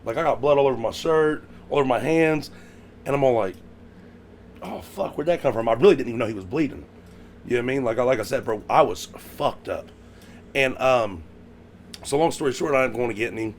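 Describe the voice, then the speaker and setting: A man's voice: mid-range voice, animated, fairly quick, slight background noise. A man co-hosting a podcast, telling a long story in a rambling way and often asking "you know what I mean". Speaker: podcast co-host. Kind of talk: casual storytelling chat.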